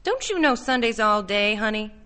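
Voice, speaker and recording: A woman's voice: a little high, sing-song, moderate pace, fairly bright tone, clear, resonant tone. A woman reading a story and voicing a man of about thirty who poses as a teenager, talking in a slightly mocking, kidding sing-song. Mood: pushy.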